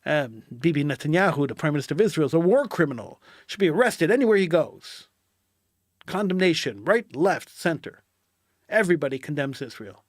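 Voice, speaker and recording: A man's voice: a little high, sing-song, fairly quick, dry recording, studio quality. Impassioned man ranting solo. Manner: impassioned, indignant, repeats phrases for emphasis. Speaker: political commentator. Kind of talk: solo commentary monologue.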